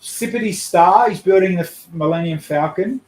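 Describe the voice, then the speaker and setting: A man's voice: high voice, normal speed, a little mellow, roomy sound, rough recording. Sweary man streaming Lego builds. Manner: blunt, sweary, joking. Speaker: streamer host. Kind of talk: casual livestream chat.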